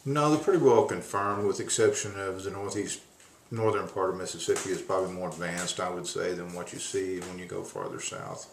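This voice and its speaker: A man with a very low voice answers interview questions slowly and with some hesitation. The room is echoey, with faint hiss underneath. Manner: unhurried, hesitant.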